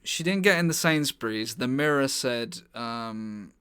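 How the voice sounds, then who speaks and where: A man's voice: mid-range voice, expressive, measured pace, bright, forceful tone, clean tone. A man improvising a pompous, self-important acting coach on a live stream. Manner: mock-authoritative, self-important. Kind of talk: improvised comedy bit. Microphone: webcam mic on a live stream.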